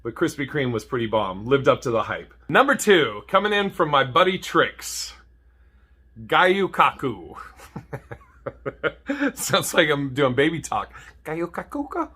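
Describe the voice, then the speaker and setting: Man, comedian, bright voice, profane storytelling, laughs a lot. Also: mid-range voice, very animated, unhurried, breathy edge. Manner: profane, laughs at own jokes.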